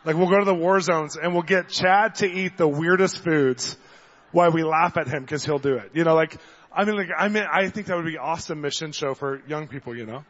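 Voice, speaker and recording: A man preaching a sermon, telling stories in an animated way, acting out the voices of the people in them and getting loud at times. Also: a little high, fairly quick. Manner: animated storyteller, acts out voices, gets loud. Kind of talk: sermon with storytelling. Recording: dull long hall reverb.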